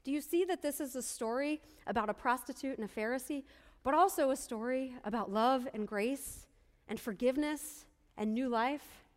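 A woman's voice: high-pitched, normal speed, a little mellow, big-room sound. A woman pastor preaching a sermon, telling a story earnestly and repeating phrases for emphasis.

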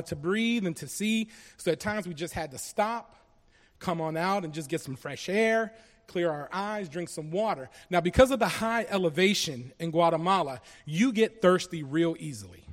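A man from Colombia giving an earnest, halting personal testimony to a church congregation, with many restarts. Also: fairly high pitch. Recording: long reverb of a large hall.

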